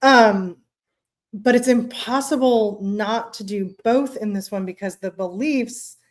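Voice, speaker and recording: A woman co-hosting a podcast in casual chat, blunt and sweary, acting out the people she retells. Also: medium pitch. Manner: blunt, sweary, retells scenes in quick quoted voices. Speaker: podcast co-host.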